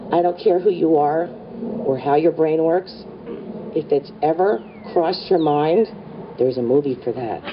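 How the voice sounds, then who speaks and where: Wry middle-aged woman telling a comic story. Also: lowish voice. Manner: wry, conspiratorial, lots of asides. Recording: distant, dull live stage recording with audience and noise. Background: audience laughter.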